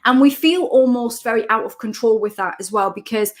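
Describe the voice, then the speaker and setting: Woman, slightly high voice, casual live-stream coach, reads comments aloud. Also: brisk. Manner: chatty, greets viewers by name and reads out comments. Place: at home.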